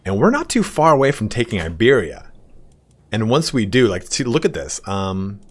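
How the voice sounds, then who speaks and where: A man streaming a strategy game, chatty and relaxed, often saying "dude". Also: lowish voice, normal speed. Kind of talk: casual gaming commentary.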